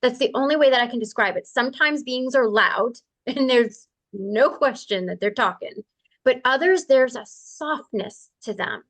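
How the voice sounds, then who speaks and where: Her voice sits on the high side and sounds a bit bright, recorded with no room sound. She's a guest on a podcast, sharing personal stories earnestly and conversationally, speeding up in bursts broken by laughter.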